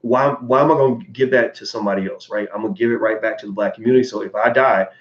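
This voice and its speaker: A man's voice: fairly low pitch, fairly even intonation, very fast. A man hosting a livestream, answering viewer donations in casual, candid commentary with many fillers and restarts. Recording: roomy, dull lo-fi sound.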